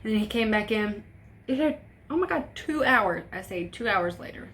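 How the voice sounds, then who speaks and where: A woman's voice: medium pitch, lively intonation, normal speed, fairly bright tone, a little hiss or hum. A young woman telling a personal story on a vlog, casual and profane, with emotion in her voice. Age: young adult. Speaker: vlogger.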